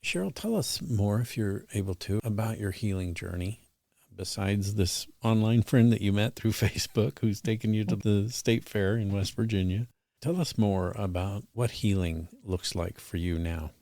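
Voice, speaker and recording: A man's voice: on the low side, moderate pace, mellow. A man hosting a podcast interview, encouraging and affirming his guest. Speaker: podcast host.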